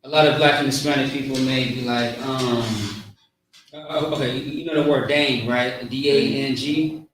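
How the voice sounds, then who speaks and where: A man teaching a religious class, coaching pronunciation with patient repetition and drawn-out sounds. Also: medium pitch, fairly even intonation, background noise. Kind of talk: pronunciation lesson. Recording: very echoey room, mic far off.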